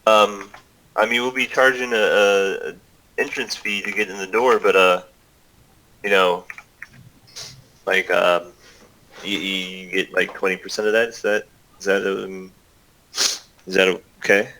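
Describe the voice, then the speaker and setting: A man voicing a big, bearded, gruff male sailor who rambles and chuckles while scheming. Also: low voice, level tone, measured pace, pauses often, pushed and bright, a little hiss or hum, heavily acted, poor audio.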